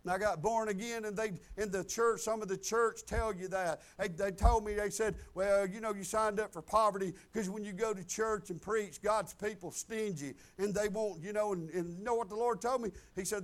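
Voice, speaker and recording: Folksy preacher with a high voice. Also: male voice, normal speed, hardly any pauses. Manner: folksy, animated, with bursts of loud emphasis. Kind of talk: sermon storytelling.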